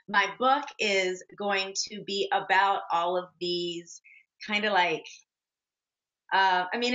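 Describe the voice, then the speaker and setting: A woman in her forties chats as an interview guest, telling her story earnestly with plenty of fillers. Her voice is bright and forward. The sound is dull and lo-fi. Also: medium pitch. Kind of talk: casual interview chat.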